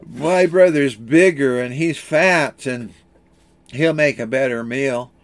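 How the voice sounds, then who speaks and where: A man's voice: mid-range voice, slow pace, no echo. A man voicing a middle-sized male billy goat who pleads and bargains for his life, as part of a story in a sermon. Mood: pleading.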